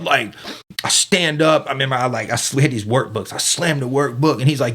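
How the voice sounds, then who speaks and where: A man's voice: mid-range voice, a little fast, fairly bright tone. A man as a podcast guest telling his story in a casual, candid way, swearing freely and leaning on fillers like "dude" and "man".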